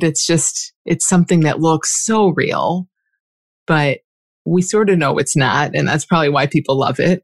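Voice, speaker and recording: A woman's voice: deep voice, no room sound, clean studio sound. A woman hosting a podcast in casual conversation, musing aloud with lots of "like" and "you know". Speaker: podcast host.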